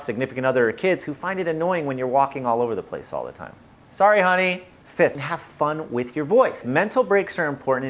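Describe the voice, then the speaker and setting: A playful, jokey host giving upbeat tips for working from home. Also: medium pitch.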